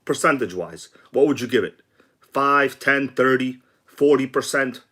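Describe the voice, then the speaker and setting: A man hosting an RC livestream, energetic and joking as he gives shout-outs to viewers. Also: medium pitch, moderate pace. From from abroad. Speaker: RC livestream host. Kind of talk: excited casual livestream chat.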